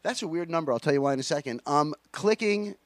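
A man's voice: fairly high pitch, lively intonation, fast, no room sound. A man, a comedian, joking and teasing in a casual chat. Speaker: comedian, guest.

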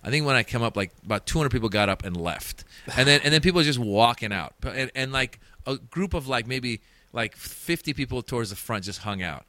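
A man's voice: mid-range voice, a little fast, dry recording. A man, a stand-up comedian, telling anecdotes in casual chat and acting out the voices of the people in them. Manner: animated, acts out voices in anecdotes.

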